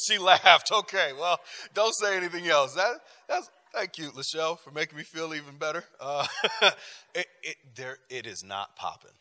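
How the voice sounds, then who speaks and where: A man's voice: on the high side, moderate pace, long reverb tail. A man teaching a church class, telling a personal story with frequent laughs and talking straight to the room. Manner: animated, laughing often, talks to the room. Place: church hall. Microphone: handheld microphone.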